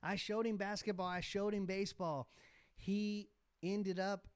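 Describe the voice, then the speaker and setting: Candid, higher-voiced man in his forties. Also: a little slow, a loud crowd. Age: 40s. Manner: candid storytelling, animated when retelling a scene. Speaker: podcast guest, motocross team owner. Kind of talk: casual interview talk.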